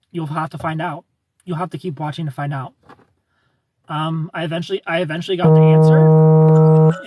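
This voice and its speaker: A young man hosting a livestream, chatting casually and rambling animatedly while he reads viewer comments. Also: on the high side. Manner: animated, rambling with repeated phrases and laughs. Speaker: livestream host.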